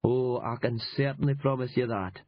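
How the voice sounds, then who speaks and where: A man doing a gruff, sarcastic Northern Scottish sergeant. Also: mid-range voice, moderate pace, lo-fi sound, natural voice. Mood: sardonic. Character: weary, irritable rural police sergeant, middle-aged man.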